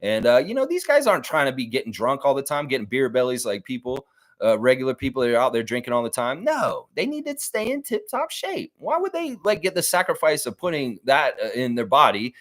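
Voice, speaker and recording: A man's voice: medium pitch, quick pace. A man hosting a casual fan live stream, chatting in a rambling way and reading comments aloud. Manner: animated, rambling, reads chat comments aloud.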